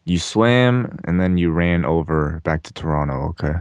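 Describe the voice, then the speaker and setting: A man's voice: sits low, lively intonation, moderate pace, no room sound, muffled recording. A man co-hosting a casual podcast, teasing his partner and hesitating with lots of ums. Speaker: podcast co-host.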